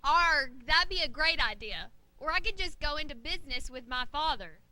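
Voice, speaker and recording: A woman's voice: sits high, lively intonation, fast, pushed and bright, no room sound. A woman voicing a boastful, dim-witted pirate captain puppet in a children's church show, growling pirate talk and stammering. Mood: cheerful pirate.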